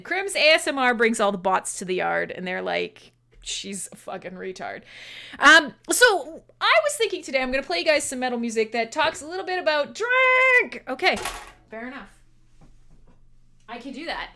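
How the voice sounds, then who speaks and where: Giggly, bright-voiced woman streamer. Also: high-pitched. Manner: giggly, swears freely, chatty and scattered. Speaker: livestream radio show host. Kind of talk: casual livestream chat. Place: home streaming setup.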